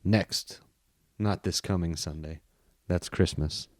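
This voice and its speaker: A man's voice: sits low, takes it slowly, no echo. A man co-hosting a casual chat show, laid-back and making dry quips. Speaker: podcast co-host.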